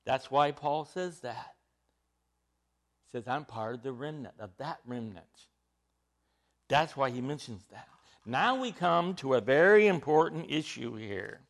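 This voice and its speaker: A man's voice: medium pitch, lively intonation, measured pace, creaky, long pauses. A man preaching a sermon, teaching from scripture in an emphatic way, with frequent rising bursts of emphasis.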